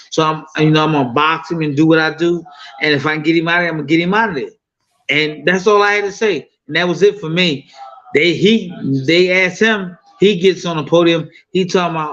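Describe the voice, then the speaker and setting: A man's voice: on the high side, fairly bright tone, muffled recording. A man in his fifties telling a fight story in loose, profane casual talk full of fillers. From United States. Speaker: boxing guest.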